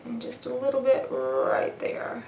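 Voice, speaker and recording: A woman's voice: sits high, very animated, unhurried, vocal fry, echoey room, background noise. A woman in her forties doing a makeup review vlog, gushing and oohing as she tries products at her mirror. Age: 40s. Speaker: beauty vlogger.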